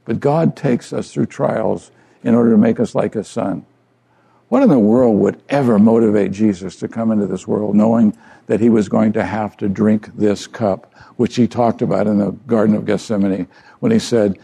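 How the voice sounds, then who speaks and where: An older male pastor delivers an earnest sermon in a conversational way. His voice is low, dark and heavily gravelly, with a husky edge. He repeats phrases for emphasis as he preaches. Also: normal speed.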